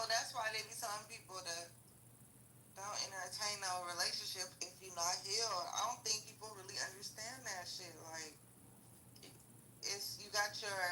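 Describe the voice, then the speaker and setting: A woman's voice: medium pitch, fairly even intonation, moderate pace, pushed and bright, a little hiss or hum, poor audio. A woman telling a casual, blunt story in a rant, full of slang and swearing and laughing as she goes. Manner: blunt, profane, slangy, laughs through stories. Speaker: vlogger.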